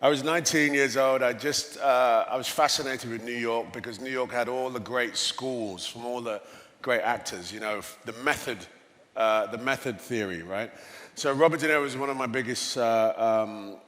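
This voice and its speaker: A man's voice: medium pitch, moderate pace, a bit bright. A man in his fifties with an English accent, a guest telling stories in an onstage conversation and often adding "you know". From England. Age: 50s. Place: conference stage. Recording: long reverb of a large hall.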